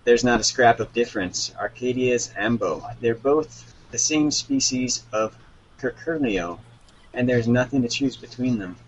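A man's voice: medium pitch, unhurried, slightly rough, lo-fi sound. A man reading the lines of a dry, pedantic ship's surgeon in his own voice.

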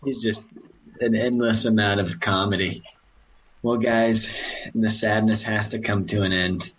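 Low-voiced man hosting a podcast. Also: fairly even intonation, measured pace, breathy edge, rough recording. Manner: joking, rambling, with restarts. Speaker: podcast host. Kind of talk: casual podcast chat.

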